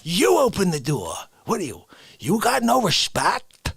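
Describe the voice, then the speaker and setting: Man doing a fed-up old-school New Yorker in a comedy bit: bright, husky, lively rant, shouting then whispering. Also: sits high, unhurried, dry recording, clean studio sound, exaggerated voice. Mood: indignant rant. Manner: ranting, exasperated, jumps from shouts to hushed whispers. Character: indignant old-school Bronx man scolding about respect.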